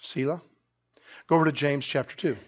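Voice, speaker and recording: Middle-aged male pastor, loud emphatic sermon, slightly high voice, muffled lo-fi church recording. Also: steady tone, a little fast. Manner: loud, emphatic preaching with frequent restarts. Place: church sanctuary.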